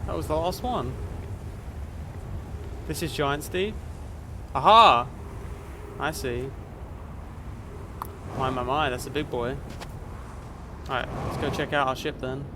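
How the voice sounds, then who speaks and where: A man's voice: medium pitch, a little slow, long pauses, background noise. A man streaming live, commenting on his gameplay and talking to his chat. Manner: chatty, talks to chat.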